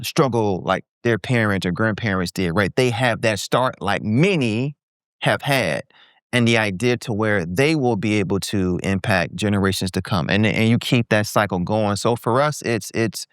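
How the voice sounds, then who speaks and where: Smooth-voiced man in his forties, storytelling. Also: lowish voice, dry recording, clean studio sound. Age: 40s. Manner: animated, acts out quoted voices. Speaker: guest entrepreneur. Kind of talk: candid podcast storytelling.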